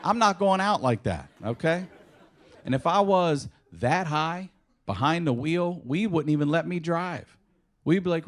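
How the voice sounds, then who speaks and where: A middle-aged man doing a stand-up comedy set, telling stories in an animated way and swearing often. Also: fairly high pitch, unhurried. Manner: animated, swearing, playful storytelling. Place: comedy stage before a live audience.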